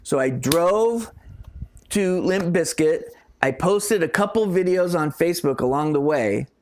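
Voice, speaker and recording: A man's voice: fairly high pitch, lively intonation, a little slow, a little mellow, slight background noise. A man co-hosting a loose live-stream chat, his voice sitting a little above the usual male range. He rambles through anecdotes and often trails off before finishing a thought. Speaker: co-host.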